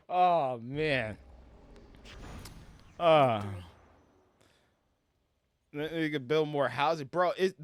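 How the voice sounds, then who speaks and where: A man in his thirties from Brooklyn, telling stories in a casual, animated rant with lots of laughter and swearing over gameplay. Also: fairly high pitch, dry recording. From Brooklyn, New York. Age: 30s. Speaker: gaming streamer.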